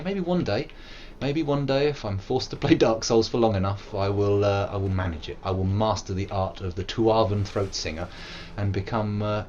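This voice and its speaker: A man's voice: fairly low pitch, lo-fi sound, a little hiss or hum. Chatty British man streaming a game. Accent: British English. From England. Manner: joking, rambling, bursts into silly growls and sung bits. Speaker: streamer playing a game live. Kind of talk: casual live-stream commentary.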